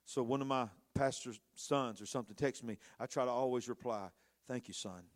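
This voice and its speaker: A man preaching a passionate sermon, swinging between hushed, intimate lines and loud, rising storytelling. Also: mid-range voice, fairly even intonation, a little fast. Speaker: pastor.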